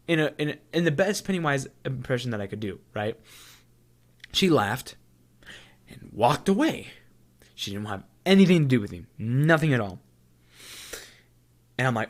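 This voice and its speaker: A man telling stories in a casual vlog, excitable and self-deprecating, with lots of fillers. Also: medium pitch, moderate pace. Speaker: vlogger.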